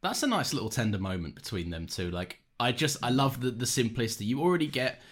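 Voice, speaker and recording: A man in casual podcast chat, his pitch swinging lively as he talks. He jokes around and slips into quick voices when retelling scenes. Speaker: podcast co-host.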